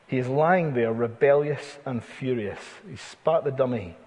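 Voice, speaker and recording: A man's voice: medium pitch, unhurried, darkish tone. A man in his thirties preaching an expository sermon, retelling the scripture in a vivid storyteller's way. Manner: vivid storytelling, dramatizing the text with asides. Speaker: pastor. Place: church hall. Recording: husky voice in a church hall with long reverb.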